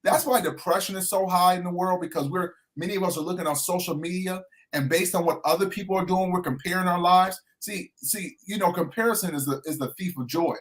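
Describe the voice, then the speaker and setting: Middle-aged guy coaching folks, earnest and preachy, a bit high voice. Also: brisk, few pauses. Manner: earnest, preacherly, repeats key phrases. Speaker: transformation coach, guest. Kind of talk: inspirational interview talk.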